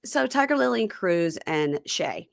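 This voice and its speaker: A woman hosting a casual recap chat, chatty and quick to mimic people in silly voices. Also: medium pitch, big pitch swings, gravelly, no room sound, clean studio sound. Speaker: podcast host.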